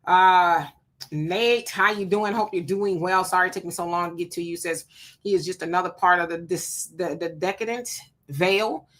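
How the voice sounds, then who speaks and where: A woman hosting a live talk stream, chatting casually and reading viewer comments aloud in an animated way. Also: lowish voice, moderate pace. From California. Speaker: live show host.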